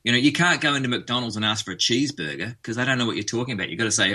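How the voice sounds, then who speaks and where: A man's voice: mid-range voice, rapid-fire, pushed and bright, husky. An Australian man, a musician guest in a casual radio interview, chatting in a rambling way with frequent restarts.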